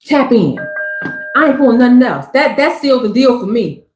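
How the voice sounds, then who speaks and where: A woman giving a live tarot reading, talking in a loud, slangy, preachy and joking way. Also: on the high side, big pitch swings, normal speed, over music. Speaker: tarot reader. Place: Southern California. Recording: echoey room.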